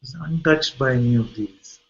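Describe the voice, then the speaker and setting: A man with an Indian accent speaks as a spiritual teacher, gentle and unhurried, often posing questions to his listeners. His pitch sits in the middle range. The recording is dull and lo-fi. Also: gravelly. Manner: gentle, asks rhetorical questions. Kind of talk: satsang talk and video-call chat.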